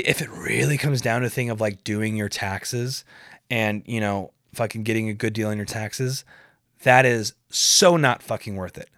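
A man's voice: medium pitch, a bit bright, no echo, clean studio sound. A young man hosting a podcast, delivering a rambling, profane rant that keeps getting sidetracked. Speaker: podcast host. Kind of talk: casual ranting monologue.

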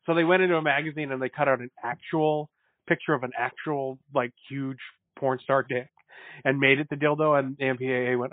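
A man's voice: mid-range voice, steady tone, fairly quick, no echo. A man co-hosting a casual podcast chat, telling stories animatedly and acting out quotes with bursts of laughter. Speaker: podcast co-host. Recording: dry, phone-like narrow sound.

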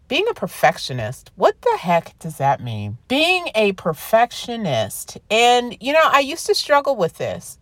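A woman's voice: medium pitch, dry recording. A woman hosting a podcast as a classical singer, talking casually and emotionally with many restarts and apologies. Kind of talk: casual podcast talk with read-aloud quotes.

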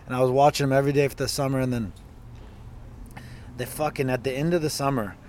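A man co-hosting a podcast, telling an animated story in casual chat with lots of swearing. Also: medium pitch, fast talker, slight background noise. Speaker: podcast co-host.

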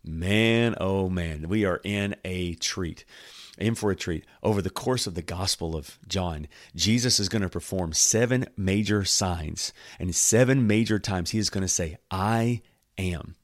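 A man with a very low voice teaches from the Bible in a relaxed, chatty way. He gets excited, jokes, and acts out little scenes as he reads scripture aloud. The sound is close and dry, with no room echo. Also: a little slow. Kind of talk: casual Bible teaching and reading.

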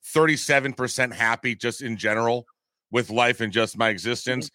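A man in his forties talks on a video call in a rambling, self-deprecating way, circling back and repeating his words. His voice has a bright, forward edge and sounds dry and close, with no room around it. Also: medium pitch, steady tone, normal speed, dry recording. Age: 40s. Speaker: guest. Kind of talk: casual chat.

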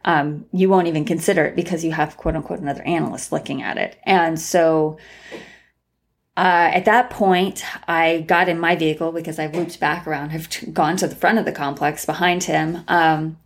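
A woman's voice: low-pitched, fairly even intonation, moderate pace. A woman guest on a podcast interview, telling a long story in a rambling way with many restarts. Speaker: guest, tarot reader and former crime analyst.

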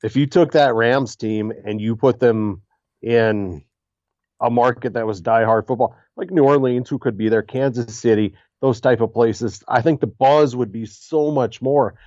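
A man co-hosting a sports podcast, relaxed and joking as he gives his takes. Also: mid-range voice, unhurried, no echo. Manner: laid-back, joking. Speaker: podcast co-host. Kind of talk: casual sports chat. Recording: slightly dull, lo-fi mic.

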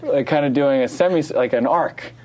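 A man from New Jersey telling a story in casual chat, animated and laughing, acting out the other people's voices. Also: mid-range voice, normal speed.

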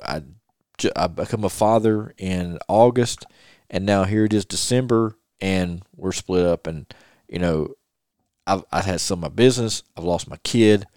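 A deep, slightly mellow voice comes through a dry, clean studio recording. It's a middle-aged North Carolina podcast host chatting casually and earnestly about something that happened to him, circling back over the same points and quoting at length the advice he received.

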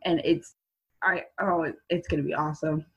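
Husky teenage girl telling a story. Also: low-pitched, moderate pace. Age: teens. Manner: animated, laughing storyteller. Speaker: guest. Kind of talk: casual storytelling. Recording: muffled lo-fi audio.

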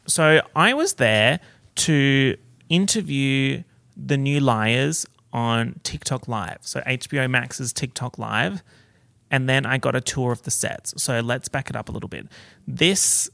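A young Australian man telling a story to camera in a chatty, gossipy vlog style, full of fillers and sudden excited outbursts. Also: creaky, no room sound. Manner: animated, gossipy, lots of fillers and sudden high exclamations. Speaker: YouTuber.

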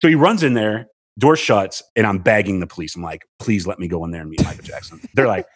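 A man's voice: fast, breathy edge, dry recording, studio quality. A man telling a long story in casual chat, acting out what people said and swearing freely. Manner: animated, acts out quotes with big pitch jumps, swears freely. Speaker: storyteller guest. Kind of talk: casual chat, animated anecdote.

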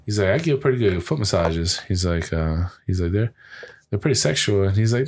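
Low-voiced young man retelling movie scenes. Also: animated, a little fast. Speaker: podcast co-host. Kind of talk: casual chat.

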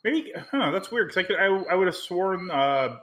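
A man's voice: sits high, expressive, moderate pace, fairly bright tone, rough recording. A man co-hosting a podcast in casual chat, teasing and joking with his partner. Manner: teasing, jokey. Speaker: podcast co-host.

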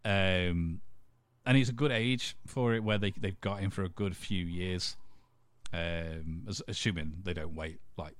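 A man's voice: low-pitched, measured pace, no room sound. A man co-hosting a podcast, chatting casually about films, rambling, swearing now and then and laughing often. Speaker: podcast co-host. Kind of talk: casual chat.

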